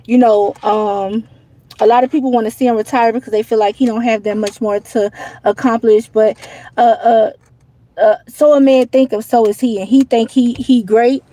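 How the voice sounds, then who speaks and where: A woman's voice: a little high, fairly even intonation, normal speed, warm tone, poor audio. A woman hosting a live boxing show, talking in a loose, rambling, casual way with lots of "you know what I'm saying". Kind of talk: casual live stream commentary.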